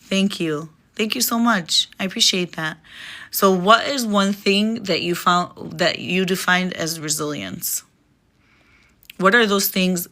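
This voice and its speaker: A woman's voice: on the low side, sharp tone. A young woman chatting on a phone live stream, rambling and laughing often, and reading her own poem.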